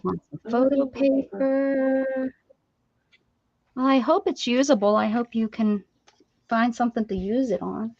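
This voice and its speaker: A woman's voice: a little high, fairly even intonation, a little slow, long pauses, no room sound. A woman hosting a craft livestream, chatting casually and jokingly as she opens her mail, laughing often. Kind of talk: casual chat while opening mail. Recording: dull lo-fi stream audio with faint hiss.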